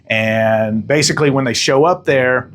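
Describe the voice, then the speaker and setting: A man recaps a film in a loose, rambling way, swearing freely and laughing as he goes. His voice sits at an ordinary middle pitch. He talks like a casual review-show host. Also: measured pace, a bit bright.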